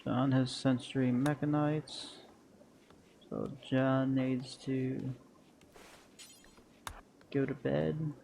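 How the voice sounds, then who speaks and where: A man's voice: mid-range voice, steady tone, extremely slow, creaky, pauses often, a little mellow, slight background noise. A man streaming a strategy game, muttering through his plans and chatting bluntly to viewers with crude humor. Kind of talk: casual gameplay commentary.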